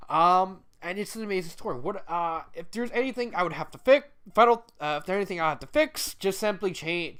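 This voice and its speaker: A man's voice: fairly high pitch, fairly bright tone, clean tone. Tearful man giving a rambling, casual spoken review. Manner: rambling, emotional, many restarts and fillers. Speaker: fan fiction reviewer.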